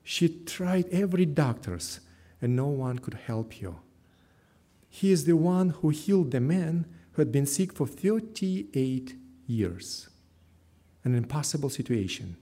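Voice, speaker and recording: A man's voice: fairly high pitch, lively intonation, unhurried, warm tone. A man preaching a sermon as pastor, earnest, repeating his key phrases with slightly non-native grammar. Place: church.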